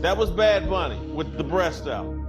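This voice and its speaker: A man's voice: a little high, animated, moderate pace, over music. A man giving opinion commentary in an outraged, preachy way.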